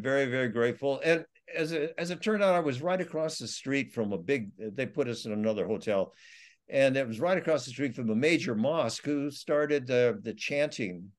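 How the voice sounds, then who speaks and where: A man, an author, telling a dramatic travel story in a podcast interview, halting with restarts and chuckles. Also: mid-range voice. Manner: halting, many restarts and laughs, acts out quotes. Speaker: author and guest.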